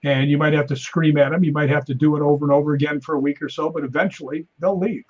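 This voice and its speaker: A man's voice: fast, lo-fi sound. A man, a guest stuntman, telling stories casually on a podcast and acting out the quoted voices. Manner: animated storyteller, acts out quotes with raised pitch. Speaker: guest stuntman and paranormal investigator.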